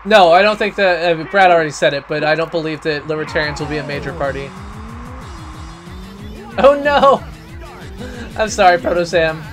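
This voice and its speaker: A man hosting a live game stream, chatting casually and ranting loudly in rambling asides. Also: fairly high pitch, fairly even intonation, fast, hardly any pauses, soft background music.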